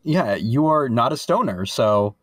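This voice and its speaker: Lively, jokey young man. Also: mid-range voice, unhurried, dry recording, clean studio sound. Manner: animated, jokey, laughs often. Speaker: podcast co-host. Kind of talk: casual chat.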